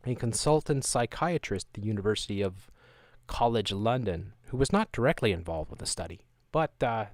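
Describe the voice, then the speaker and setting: A man's voice: fairly low pitch, animated, fairly quick, dry recording, clean studio sound. A man hosting a live stream, reading news aloud and mocking it with sarcastic asides. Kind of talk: live commentary on news clips.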